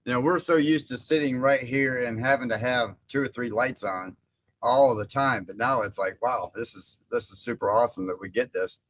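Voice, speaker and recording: A man's voice: medium pitch, normal speed, a bit bright, no echo. A man chats through a loose livestream from inside his barn. He rambles and chuckles as he greets viewers by name. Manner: rambling, chuckles often, reads chat names aloud. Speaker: livestream host. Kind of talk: casual livestream chat. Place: indoor barn workspace.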